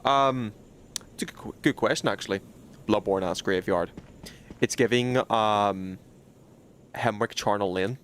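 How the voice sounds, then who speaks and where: A British man livestreams a game and talks it through in loose, chatty commentary. His voice sits on the lower side, and he swears freely. He breaks into sudden excited outbursts. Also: unhurried, long pauses, slight background noise. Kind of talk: casual gameplay livestream commentary.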